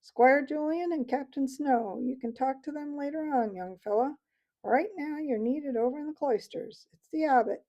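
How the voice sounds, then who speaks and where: Brisk soldier hare, chummy and quick, read by a woman. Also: high voice, warm tone, lo-fi sound, pitched above the performer's own voice, natural voice. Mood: urgent. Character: limping male hare soldier, brisk and jaunty.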